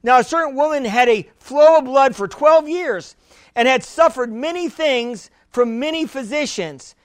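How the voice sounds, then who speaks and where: High-voiced emphatic male preacher. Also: animated, a little slow, clean tone, no echo. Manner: emphatic preaching with frequent repeated words. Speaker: pastor. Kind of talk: sermon.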